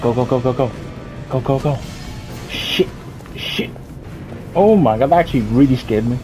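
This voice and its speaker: A man's voice: medium pitch, animated, moderate pace, rough recording. A young man commenting on a horror game as he plays, swearing a lot and yelping when something startles him. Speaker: gameplay streamer. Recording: game music loud behind voice.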